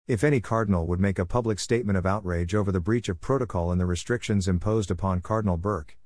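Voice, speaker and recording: Earnest man reading with a low, dry voice. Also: darkish tone, no room sound. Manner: measured, earnest delivery. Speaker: reader. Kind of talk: reading a devotional essay aloud.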